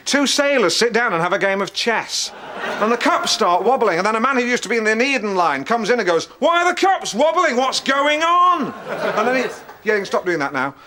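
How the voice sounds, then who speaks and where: An actor playing a pompous, excitable man who gets indignant and overexcited when he retells films, heard in a clip from a sitcom. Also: high voice, full character voice. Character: pompous, excitable middle-aged male film obsessive. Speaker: comedy character. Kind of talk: sitcom acting. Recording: noisy clip with clicks.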